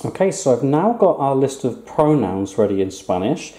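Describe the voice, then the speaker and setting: A man teaches a grammar lesson in a chatty, playful manner. His voice is very dark and mellow. The recording carries a noticeable room echo. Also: medium pitch, very animated, normal speed. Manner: chatty, playful teacher, asks rhetorical questions. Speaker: Spanish teacher. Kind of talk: recorded online language lesson.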